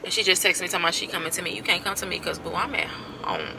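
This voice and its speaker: A woman's voice: fairly low pitch, rapid-fire, creaky, background noise. A woman in her thirties casually venting to her camera, exasperated and emphatic, repeating herself and swearing freely. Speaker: vlogger.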